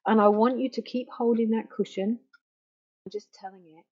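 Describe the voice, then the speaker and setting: A woman counselling on grief in a gentle, slow, reassuring way that softens to a near hush. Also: a little high, fairly even intonation, husky. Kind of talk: guided self-help talk. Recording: dull lo-fi faulty microphone.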